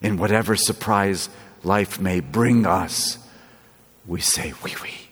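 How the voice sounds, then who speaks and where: Slow-preaching man in a reverberant church. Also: sits low, breathy edge. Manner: slow, lively preaching with playful asides. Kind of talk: sermon. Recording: echoey church with long reverb.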